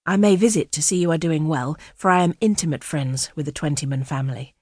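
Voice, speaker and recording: A falsely fatherly older man, as a woman reader puts him on, murmuring low and urgent and coaxing. The voice is fairly low, set in a dry, close storybook reading. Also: brisk, a little mellow, dry recording. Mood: ingratiating.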